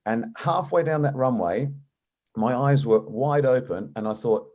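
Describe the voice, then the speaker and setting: A man's voice: medium pitch, unhurried, muffled recording. A middle-aged man, an airline captain, telling his story in an interview and acting out the voices of people he quotes. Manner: animated storyteller, acts out quoted dialogue.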